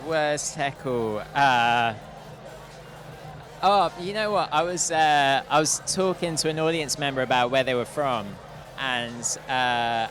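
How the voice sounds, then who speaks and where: Rambling male comedian telling a story. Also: medium pitch. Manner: rambling, with many uh fillers. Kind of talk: casual storytelling in an interview. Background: music.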